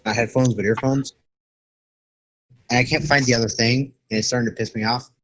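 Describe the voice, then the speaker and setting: A man's voice: mid-range voice, fairly even intonation, a little fast, fairly bright tone, poor audio. A man chatting casually as a player at a tabletop game, joking and sarcastic. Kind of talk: casual chat.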